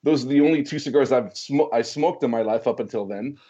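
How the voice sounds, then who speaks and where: In a casual interview, a man with a brisk, husky, medium-pitched voice recounts a long story from his past. He's an animated storyteller who stumbles, restarts, repeats words, and acts out quoted dialogue, all on a muffled recording.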